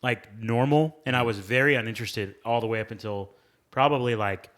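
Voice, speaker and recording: A man's voice: medium pitch, fairly quick, fairly bright tone. A man co-hosting a podcast, giving candid opinions in a laid-back casual chat. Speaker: podcast co-host.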